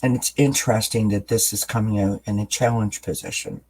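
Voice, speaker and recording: A man doing a tarot card reading for his channel, explaining each card in a calm, unhurried way with pauses and fillers. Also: fairly low pitch, slightly rough, poor audio. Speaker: tarot reader.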